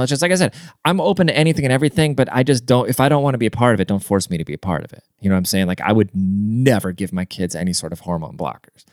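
Man, solo podcast host, rambling and profane, smooth clear voice, dry close mic. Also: lowish voice, no echo. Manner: rambling, loose and profane, lots of "like" and "dude". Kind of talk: casual podcast monologue.

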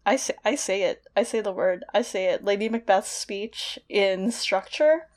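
A woman's voice: medium pitch, moderate pace. Young woman breaking down poetry, chatty. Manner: thoughtful, explanatory, with frequent fillers and restarts. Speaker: podcast co-host discussing literature. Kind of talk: casual analytical discussion.

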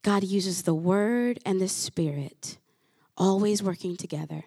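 A woman pastor preaching a sermon in an animated way, acting out the voices of her listeners. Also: medium pitch, measured pace, husky, no echo, studio quality. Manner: animated, acts out listeners' voices with rising exclamations.

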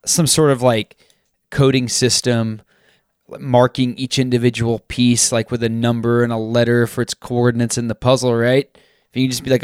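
A man co-hosting a podcast who chimes in with playful, curious remarks. His voice is mid-pitched and smooth. The recording is dry and close. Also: flat delivery, normal speed, darkish tone, no room sound. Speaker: podcast co-host. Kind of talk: casual podcast chat.

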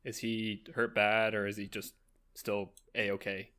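A man's voice: on the low side, level tone, a little slow, pushed and bright, clean tone. A man playing a tabletop game, chatting casually about his character's moves. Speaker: player.

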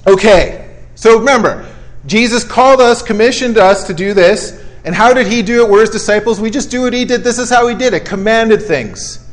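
Male preacher, raised pitch, chatty sermon delivery with punchy short lines. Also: brisk. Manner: conversational, keeps checking in with listeners; emphatic, punchy short phrases.

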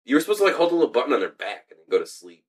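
A man's voice: mid-range voice, rapid-fire, slightly rough, far from the mic. A young man in casual profane banter, laughing often and telling stories with lots of swearing. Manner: laughing, swearing, animated storytelling.

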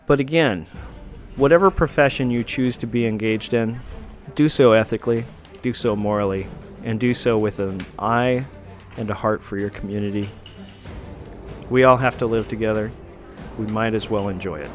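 A man's voice: on the low side, normal speed, faint music behind. A middle-aged man hosting a talk show, reading out rules in a dry, joking way. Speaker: host. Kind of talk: casual talk show banter.

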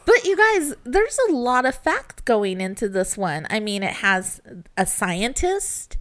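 A woman's voice: a little high, sing-song, unhurried, fairly bright tone. A woman co-hosting a casual podcast, bantering playfully and giggling. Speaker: podcast co-host. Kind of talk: casual chat.

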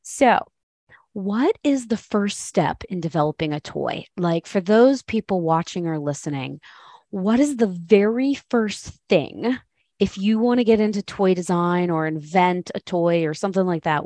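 A woman's voice: fairly low pitch, lively intonation, dark tone, no echo. Upbeat woman hosting a podcast. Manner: quick, upbeat questioning with laughs. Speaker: podcast host. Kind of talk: interview questions.

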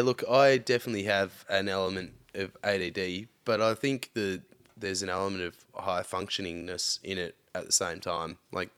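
A young man on a podcast, telling a story casually, swearing freely and getting animated. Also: low-pitched, smooth. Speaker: podcast co-host. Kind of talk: casual chat.

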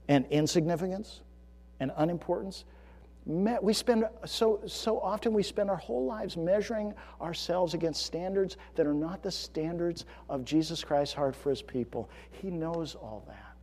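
A man preaching a sermon as pastor, earnest, swelling into emphatic storytelling and dropping to a hush. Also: fairly high pitch, expressive, a little slow, in a large hall. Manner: earnest, rising to emphatic storytelling then hushed.

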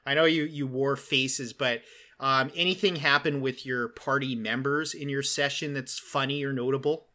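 A man hosting a casual talk, telling game-master stories with animated energy and many "like" fillers. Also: medium pitch, moderate pace. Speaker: podcast host and game master. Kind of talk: casual storytelling chat.

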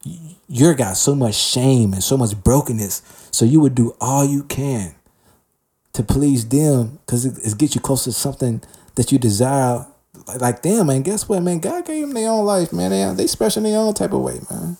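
A man's voice: medium pitch, expressive, normal speed, gravelly, mellow. A young man giving a candid spoken testimony about his faith, in street slang, often restarting and calling the listener man or bruh. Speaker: Christian speaker sharing testimony.

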